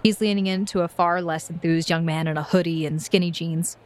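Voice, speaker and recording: A woman's voice: fairly low pitch, fairly even intonation, fairly quick. Woman narrating a tabletop game. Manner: vivid, descriptive, playful. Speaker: game master.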